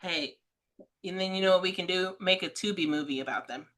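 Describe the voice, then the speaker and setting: A woman's voice: on the low side, fairly quick. A woman hosting a podcast interview, chatting casually and acting out quoted voices as she tells stories. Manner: animated storyteller, acts out quoted voices, laughs often. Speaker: podcast host.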